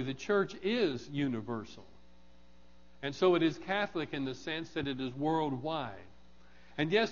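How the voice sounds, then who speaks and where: A man preaching a morning sermon, measured and deliberate, repeating key phrases with emphasis. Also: on the high side. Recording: dull sound in a reverberant hall.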